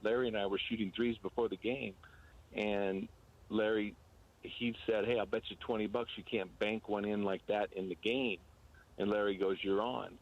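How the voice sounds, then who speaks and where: A man with a slightly low voice recalls a game from his playing days. He tells it in a loose, rambling interview style, full of fillers and restarts. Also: fairly even intonation, normal speed, muffled recording. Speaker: former basketball player telling a story. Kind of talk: anecdotal interview storytelling.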